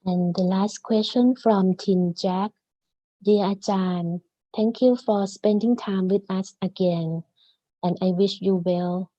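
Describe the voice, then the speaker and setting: Slow-reading woman moderator, dry sound. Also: medium pitch, steady tone, mellow, no echo, dull audio. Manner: reads slowly and formally. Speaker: question reader and moderator. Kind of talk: reading out questions. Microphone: video call.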